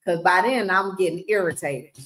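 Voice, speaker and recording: A woman's voice: on the low side, moderate pace, a bit bright, poor audio. A woman casually recounting a story on a podcast, blunt and sassy, acting out both sides of a conversation.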